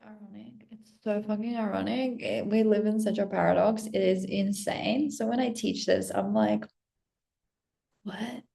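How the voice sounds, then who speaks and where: A woman's voice: medium pitch, steady tone, moderate pace, creaky, few pauses, mellow. A woman who coaches on spiritual growth, giving an emphatic, casual pep talk to camera, swearing freely and acting out inner voices. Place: outdoors or at a window on a trip abroad.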